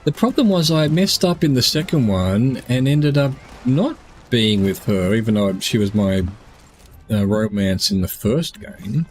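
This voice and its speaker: An animated man with a mid-range voice and measured pace streams a game while tired and yawning. He rambles loosely, musing aloud and responding to questions from chat as he plays.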